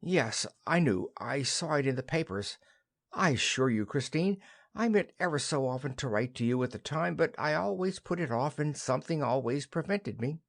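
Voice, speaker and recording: A man's voice: medium pitch, animated, normal speed, creaky. A man voicing a cheerful, chattering young wife in an audiobook play reading. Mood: gentle.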